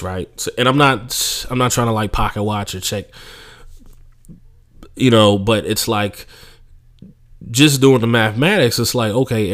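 A young adult man hosting a podcast, telling comedy stories in a casual, profane way and mocking people he imitates. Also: fairly low pitch. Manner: profane, animated storytelling with mocking impressions. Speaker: podcast host, stand-up comedian. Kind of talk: casual monologue.

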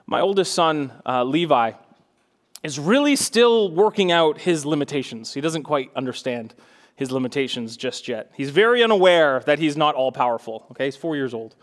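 A young pastor delivers his sermon in a notably high voice, earnest and building to fervent emphasis. He is a man talking straight to his congregation. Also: lively intonation, normal speed.

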